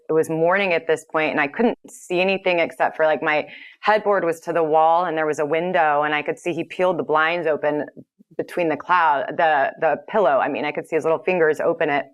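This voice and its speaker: A woman, a podcast guest, recounting a personal story in an earnest, halting way, with many fillers and restarts. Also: deep voice, fairly even intonation, clear, resonant tone.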